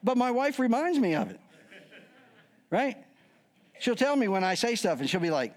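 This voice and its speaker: A man's voice: extremely high pitch, moderate pace. A middle-aged man preaching a sermon as a pastor, joking and acting out voices as he goes. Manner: lively, joking, acts out quoted voices.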